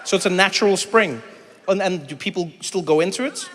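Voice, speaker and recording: A middle-aged man from South Africa doing animated stand-up comedy with crowd work, acting out voices as he tells stories. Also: high voice, a little fast, a little hiss or hum. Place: large theater stage. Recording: reverberant hall with faint ambience.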